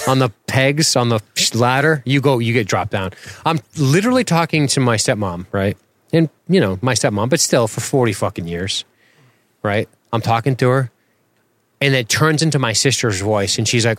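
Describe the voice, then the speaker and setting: Male co-host, animated pitch, loose rambling delivery, swears and laughs a lot. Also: normal speed. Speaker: podcast co-host. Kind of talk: loose drunken podcast banter.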